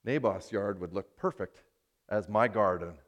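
A man's voice: on the low side, a little slow, voice pushed down, close to an everyday voice. A man voicing King Ahab as a grown king who wistfully covets his neighbor's yard. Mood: longing. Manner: wistful, whining.

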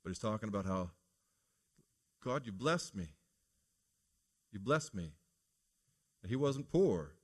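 A man's voice: on the low side, sing-song, slow, pauses often, slightly rough. A man preaching a morning sermon as pastor, earnest and preacherly, putting rhetorical questions to his congregation.

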